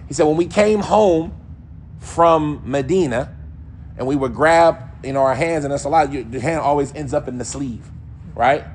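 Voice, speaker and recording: Male religious teacher, conversational and animated, playful mimicry, light ambient noise. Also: on the high side, normal speed. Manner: casual, animated, mimics accents and voices. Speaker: Islamic teacher. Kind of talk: religious lesson.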